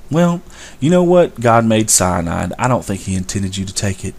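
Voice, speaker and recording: A man's voice: lowish voice, very animated, normal speed, vocal fry, darkish tone. A man hosting a talk show, ranting in an opinionated monologue with sarcastic asides. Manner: ranting, sarcastic, mocks stoners in a drawl. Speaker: show host.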